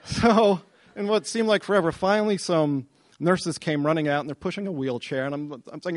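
A middle-aged man telling a personal story to an audience, animated and excited, often repeating himself as he goes. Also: on the high side, moderate pace, no echo. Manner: animated, excited retelling with self-interruptions and repeats.

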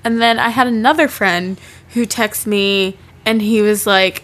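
A young woman co-hosting a casual chat podcast, giggly, excitedly retelling conversations. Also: mid-range voice, unhurried. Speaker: podcast co-host.

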